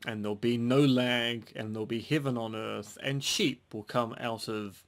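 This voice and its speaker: A man's voice: medium pitch, steady tone, normal speed. A man co-hosting a podcast over a video call, teasing and joking in casual banter. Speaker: podcast co-host.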